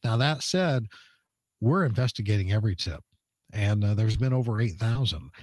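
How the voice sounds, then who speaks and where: A man's voice: on the low side, animated, moderate pace, darkish tone, no echo. A middle-aged man, a police public information officer, explaining a case earnestly as a radio interview guest, with many "uh" fillers.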